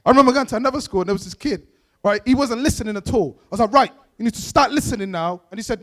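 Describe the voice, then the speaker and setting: A man doing a stand-up comedy set, telling animated stories and acting out characters. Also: high-pitched, very fast. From Bangladesh. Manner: animated storytelling, acts out characters, laughs often. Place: event stage.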